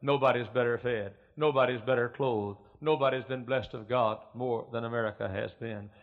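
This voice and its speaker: Folksy preacher, muffled old tape. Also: male voice, medium pitch, steady tone, moderate pace. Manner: folksy storytelling that swells into loud preaching. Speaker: pastor. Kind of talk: sermon. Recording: muffled lo-fi recording.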